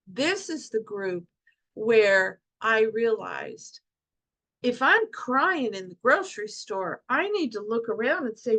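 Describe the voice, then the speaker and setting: Woman, middle-aged, passionate, heartfelt storyteller, somewhat high voice, video call. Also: very animated, slow pace, fairly bright tone. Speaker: guest speaker at support group. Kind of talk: emotional personal talk to an online group.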